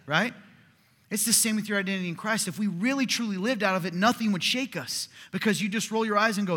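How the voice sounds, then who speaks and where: A man's voice: sits high, quick pace, a bit bright. A man in his thirties preaching a sermon as pastor, in a conversational way, often checking in with "right?". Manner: conversational, keeps asking "right?". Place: church hall. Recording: echoey hall.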